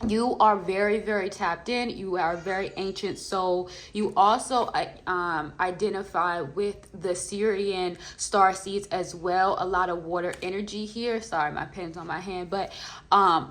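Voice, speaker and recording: A woman's voice: lowish voice, fairly even intonation, normal speed, a bit bright, low-quality recording. A woman giving a pick-a-card tarot reading to her viewers, chatty and reassuring, with many fillers. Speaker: tarot reader.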